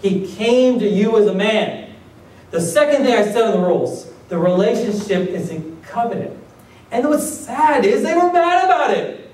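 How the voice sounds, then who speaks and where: A man's voice: sits high, expressive, moderate pace, darkish tone. A pastor preaching a sermon, constantly asking his congregation rhetorical questions and acting out the voices of people in his stories. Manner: acts out quoted voices. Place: church sanctuary. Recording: echoey room, mic far off.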